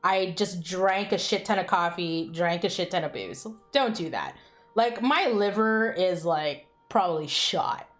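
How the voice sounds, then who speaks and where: A woman's voice: fairly low pitch, a little slow, a bit bright, soft background music. Chatty, salty-mouthed young woman streamer. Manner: chatty storytelling, swears freely, laughs often. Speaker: live streamer. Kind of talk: casual chat with stream viewers.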